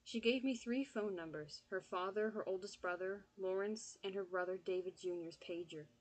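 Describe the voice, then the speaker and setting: Woman reading an audiobook, even and steady, middle pitch. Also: normal speed, rough recording. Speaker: audiobook narrator. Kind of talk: scripted audiobook narration.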